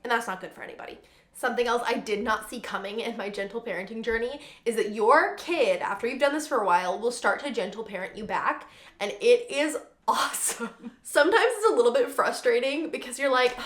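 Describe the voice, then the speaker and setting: A woman's voice: a little high, quick pace, a bit bright. Chatty young woman in an echoey room. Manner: chatty, earnest, frequent "like" fillers. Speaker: parenting vlogger. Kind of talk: casual advice vlog.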